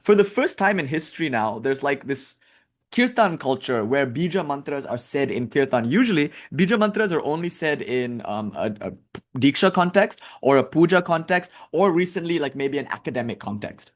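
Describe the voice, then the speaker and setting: A man giving a casual, conversational talk as a spiritual teacher, telling stories with lively asides and filler words. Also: a little high, normal speed. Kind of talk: casual lecture.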